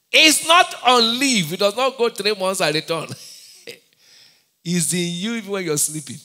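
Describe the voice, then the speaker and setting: A man with a Nigerian accent preaching a sermon, firing call-and-response questions at his congregation and breaking into sudden shouts. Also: sits high, animated, unhurried, pauses often, in a large hall. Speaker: pastor.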